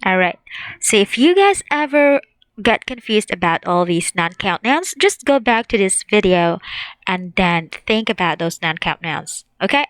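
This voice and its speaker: A woman teaching an online language lesson, saying each word slowly and clearly and repeating it for her students. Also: medium pitch, fairly bright tone, no echo, low-quality recording.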